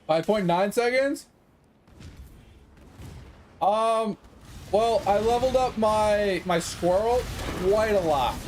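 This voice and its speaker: A man's voice: sits high, takes it slowly, long pauses, a little mellow, a little hiss or hum. A young man giving casual gameplay commentary as a streamer, frustrated and swearing while he talks to his chat. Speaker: gaming streamer.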